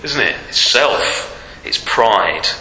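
A male preacher giving a Sunday sermon, asking rhetorical tag questions and pausing on fillers, in a church hall with a long reverb. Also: fairly low pitch. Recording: roomy hall reverb, faint noise.

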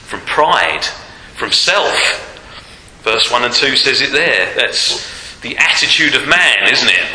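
Bright-voiced preacher in a reverberant hall. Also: male voice, fairly low pitch, lively intonation, unhurried. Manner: rhetorical, many tag questions and fillers. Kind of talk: sermon. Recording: roomy hall reverb, faint noise.

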